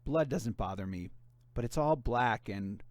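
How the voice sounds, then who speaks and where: A man's voice: medium pitch, animated, unhurried, no echo, close to an everyday voice. A man reading aloud voices a secretive, tearful middle-aged mother who answers curtly and evasively. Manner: evasive, curt.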